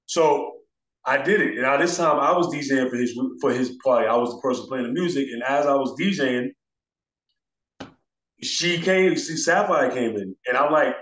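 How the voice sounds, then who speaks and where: A man's voice: medium pitch, expressive, moderate pace, fairly bright tone. A man, a DJ guest in an interview, telling stories casually and acting out the voices of people he quotes. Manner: laid-back, acts out quoted voices. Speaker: DJ and turntablist guest. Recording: roomy echo.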